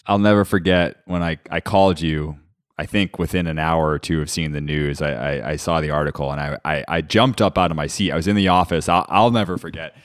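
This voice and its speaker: A male host with a very low, deep voice talks with warm enthusiasm and a reassuring manner. His voice sounds dry and close, with no room echo. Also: fairly even intonation, fairly quick. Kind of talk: conversational interview.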